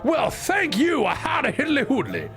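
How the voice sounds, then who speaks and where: A man voicing a loud, cheery, folksy bartender with a sing-song drawl. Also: very high voice, huge pitch swings, moderate pace, vocal fry, soft background music, voice pushed up, heavily acted.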